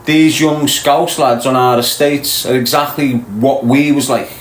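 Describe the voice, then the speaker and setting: A man's voice: medium pitch, fairly even intonation, unhurried. A Scouse man talks straight at his viewers, blunt and preachy, like a stern older brother laying down the law. His voice sits mid-range and carries through a roomy, echoey space. A faint hum of ambience sits underneath. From Liverpool, England. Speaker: podcast host. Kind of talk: live-stream monologue to viewers.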